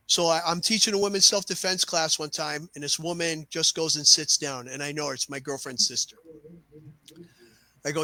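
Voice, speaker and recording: A man's voice: fairly high pitch, normal speed, no room sound, low-quality recording. A man who teaches martial arts, chatting casually on a podcast and telling stories with the dialogue acted out. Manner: lively storyteller who acts out dialogue.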